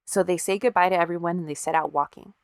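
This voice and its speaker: A woman with a lowish voice tells a story to her co-host in a loose, chatty way. She swears freely and adds wry asides. The recording is dry and close. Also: steady tone, fast talker, smooth, dry recording. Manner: profane, wry storyteller acting out quotes. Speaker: podcast co-host. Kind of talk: casual storytelling chat.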